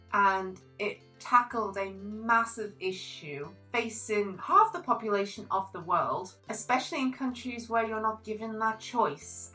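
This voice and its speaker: A young woman reviewing a book in a casual, animated vlog, gushing about characters and reading quotes aloud. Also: medium pitch, poor audio.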